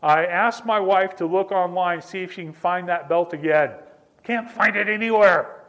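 At a moderate pace and in a fairly bright voice that sits high, a male pastor preaches through a personal story. His style is conversational and direct, using restated phrases repeatedly for emphasis.

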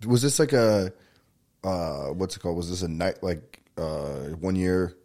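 A man's voice: low voice, a little slow, a little mellow. A man hosting a podcast, teasing his guest in joking, casual banter. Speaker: podcast host. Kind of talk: casual chat.

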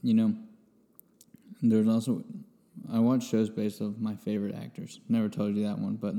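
A man's voice: fairly low pitch, flat delivery, moderate pace, dark tone, in a large hall. A man guest-hosting a podcast in casual chat, loose and trailing off mid-thought. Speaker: guest co-host.

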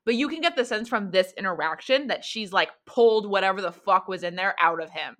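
A woman narrates a tabletop horror game as its game master. Her voice is bright and sits at a middle pitch. She talks casually, stringing scenes together with lots of fillers. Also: lively intonation, brisk. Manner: casual, filler-heavy storytelling.

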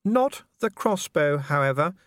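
A man's voice: a little high, expressive, measured pace, a bit bright, dry recording, clean studio sound, voice pushed up. A man voicing a proper, worried noblewoman who speaks in a genteel, fussy way. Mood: fussing. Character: proper, worried noblewoman, middle-aged wife. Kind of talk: audiobook character voice.

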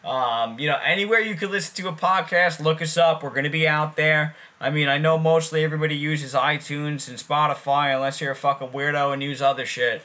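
A man's voice: a little high, steady tone, a little fast, hardly any pauses, pushed and bright. A man co-hosting a casual sports podcast, talking loosely, swearing and repeating himself. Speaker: podcast co-host.

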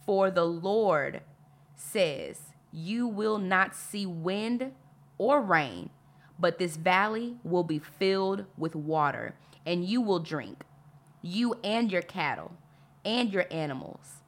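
A woman with a slightly low voice leads a devotional Bible teaching on her podcast. She reads scripture aloud, then breaks it down in a chatty, emphatic way. She circles back to key phrases for emphasis. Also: expressive, slow pace. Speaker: podcast host.

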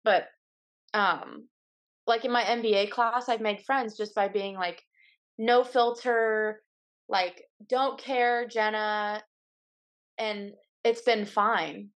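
A woman's voice: mid-range voice, fairly even intonation, takes it slowly, fairly bright tone. A woman in her twenties, a podcast guest, chatting casually and candidly, acting out quoted lines in her own voice. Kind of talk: casual chat.

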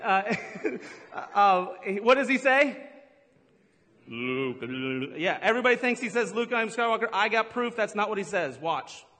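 Playful high-voiced man preaching. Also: sing-song, pushed and bright. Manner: playful, teasing the congregation with jokes and quick asides. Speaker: pastor. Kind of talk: humorous sermon. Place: large church hall with a live congregation. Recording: long hall reverb.

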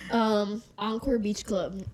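A woman co-hosting a casual chat, telling stories with animated swings between loud outbursts and whispers. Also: medium pitch, slow. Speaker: podcast co-host.

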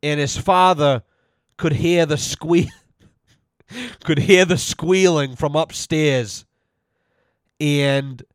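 A man's voice: on the high side, very slow, pauses often, smooth, no room sound, studio quality. A man giving a mock-serious rant on his own show, profane and full of repeated "you know"s. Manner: profane, repetitive. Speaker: podcast host.

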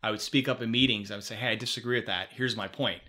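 A middle-aged man, a life coach, talking as a podcast guest in an energetic, emphatic way. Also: on the low side, fast talker. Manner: energetic, emphatic storyteller, repeats mantras. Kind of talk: casual podcast chat.

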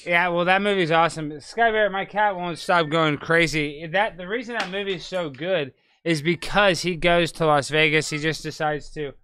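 A man hosting a live video podcast, talking in a rambling, excitable way. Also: a little high, moderate pace, few pauses, clean tone, no room sound. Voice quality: loud, sing-song hype intro. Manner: rambling, excitable, talks over his cat. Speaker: podcast host.

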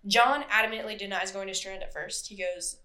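A woman's voice: mid-range voice, a little fast, sharp tone. A woman co-hosting a podcast, telling a true crime story in casual, chatty talk, swearing freely and acting out what people said. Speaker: podcast co-host.

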